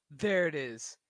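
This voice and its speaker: A man on a livestream, talking slowly in a bright, forceful voice. He rants crudely and mocks people, often laughing at his own remarks. The sound is dry and close. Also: a little high, dry recording. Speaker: streamer. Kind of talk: casual livestream rant.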